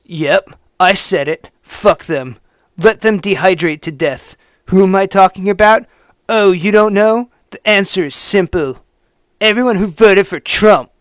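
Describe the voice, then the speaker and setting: A man putting on a lower voice to mock a hateful young male online ranter, reading his post slowly and with heavy, sneering emphasis. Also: dry recording, clean studio sound.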